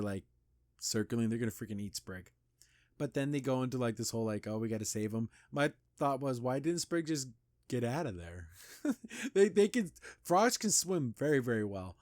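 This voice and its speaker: A man's voice: medium pitch, a little mellow, no room sound. Man recapping an episode casually, dry sound. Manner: loose retelling with frequent "like" and restarts. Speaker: podcast host.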